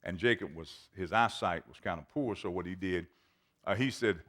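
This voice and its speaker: A man's voice: deep voice, normal speed, fairly bright tone. A man, a pastor, preaching a sermon and reading scripture aloud with dramatic emphasis. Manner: reads scripture aloud in old-fashioned wording.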